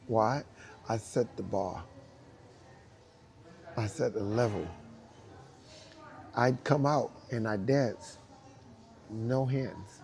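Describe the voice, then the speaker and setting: A man with a New York accent, speaking to young dancers and telling animated stories with repeated emphasis and acted-out quotes. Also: mid-range voice, takes it slowly, long pauses. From United States. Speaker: guest dancer speaking to students. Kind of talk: casual storytelling talk.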